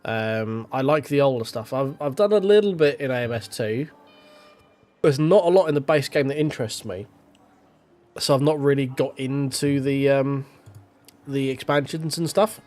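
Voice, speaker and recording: While driving a racing sim, a man chats loosely to his stream, rambling, thinking aloud, and swearing casually. His mid-range voice has a darkish tone and a moderate pace.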